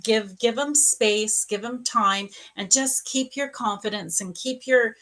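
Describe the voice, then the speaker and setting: A middle-aged woman psychic reading for viewers on a live stream, soothing and calling them dear and love. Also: medium pitch. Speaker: psychic reader.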